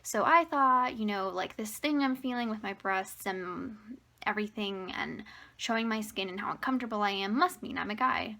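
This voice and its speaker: A woman in her twenties vlogging casually at home, rambling and hesitant, slipping into a breathy half-whisper and a little out of breath. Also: mid-range voice, moderate pace, pushed and bright. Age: 20s. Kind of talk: casual personal vlog. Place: at home near the fridge, indoors.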